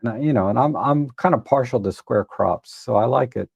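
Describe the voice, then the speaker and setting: A man hosting a live photo editing stream, reviewing viewers' edits in a relaxed, rambling way with many restarts. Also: medium pitch, fairly quick, vocal fry, breathy edge, dry recording. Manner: relaxed, rambling, self-correcting with frequent restarts; tired, admits yawning. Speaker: photo editing livestream host. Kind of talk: casual live commentary.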